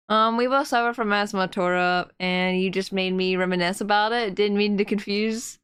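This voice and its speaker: A woman's voice: medium pitch, fairly even intonation, moderate pace, a bit bright, clean tone, no echo. A young woman streamer chatting casually and giggling as she plays a game and reads chat aloud.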